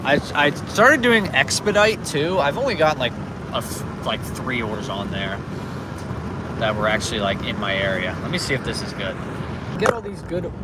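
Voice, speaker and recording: A man live-streaming while driving for delivery apps, chatting casually and excitedly shouting catchphrases out the car window. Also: mid-range voice, normal speed, very noisy.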